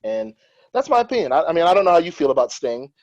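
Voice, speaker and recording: Male podcast host, fairly high voice, animated and opinionated, dull lo-fi sound. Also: fast talker. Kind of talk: casual chat.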